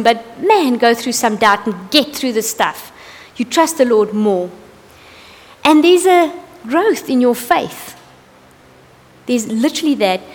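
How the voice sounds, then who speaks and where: A woman gives a conversational sermon, candid and full of asides, with a voice pitched a little high. Her words ring out with the long tail of a large hall. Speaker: preacher. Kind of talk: evening sermon.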